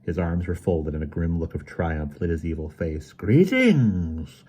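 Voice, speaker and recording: A man reading a children's mystery novel aloud in steady, measured narration. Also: rumbling low, slightly rough. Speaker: audiobook reader. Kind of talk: storybook narration.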